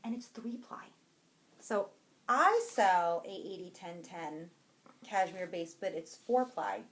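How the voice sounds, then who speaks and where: A young adult woman co-hosting a podcast, chatting casually and excitedly about yarn she bought, rambling and breaking off her own sentences. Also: on the low side, slow pace. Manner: bubbly, rambling, self-interrupting. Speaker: podcast co-host.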